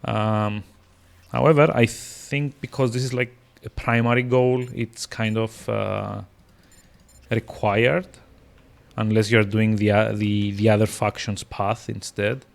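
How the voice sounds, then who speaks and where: A man streams a video game, rambling through casual commentary with lots of fillers and restarts as he plays. His fairly low voice is level, slow and creaky.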